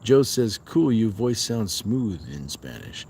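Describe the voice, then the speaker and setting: A man's voice: fairly low pitch, big pitch swings, measured pace, few pauses, a little hiss or hum. A man hosting a fitness livestream, chatting casually outdoors at night while resting on a walk and reading viewer comments aloud.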